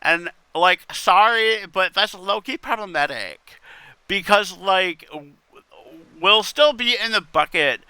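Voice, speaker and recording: A man voicing a whiny online poster in a put-on accent, higher and louder than his own voice. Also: expressive, slow, smooth, dry recording, full character voice. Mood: mock-apologetic.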